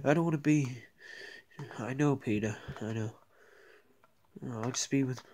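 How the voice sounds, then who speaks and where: A performer improvising a crude toy-puppet comedy skit, switching between many squeaky and gruff character voices. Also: darkish tone. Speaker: toy puppet show creator voicing every character.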